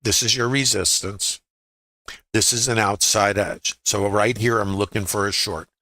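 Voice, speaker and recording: A man's voice: on the low side, steady tone, a little slow, sharp tone, dry recording. A man leading a live trading lesson, walking through charts in a conversational way and asking viewers rhetorical questions. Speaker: trading educator. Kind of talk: live trading webinar walkthrough.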